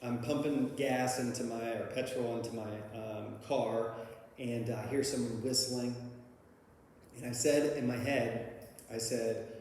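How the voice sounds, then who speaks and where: A man with a mid-range, slightly mellow voice talks casually about his recovery, rambling with lots of fillers and restarts and laughing at his own story. A little hiss or hum is present, and the very echoey hall gives long reverb.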